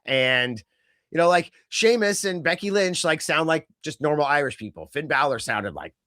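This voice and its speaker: Chatty, rambling man with a higher voice. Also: expressive, normal speed, bright, forceful tone, dry recording, studio quality. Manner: rambling, chatty, lots of fillers and quoted asides. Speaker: podcast co-host. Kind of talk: casual wrestling chat.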